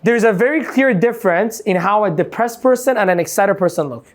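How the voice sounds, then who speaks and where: A man giving an energetic motivational seminar talk, quizzing a live audience with "yes or no?" and playing out examples. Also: high voice, a little fast. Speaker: motivational coach.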